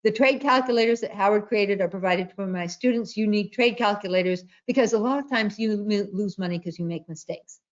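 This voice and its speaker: A woman's voice: mid-range voice, fairly quick, hardly any pauses. A woman trading educator giving an emphatic webinar presentation, repeating her key points and telling stories. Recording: dull lo-fi webinar audio.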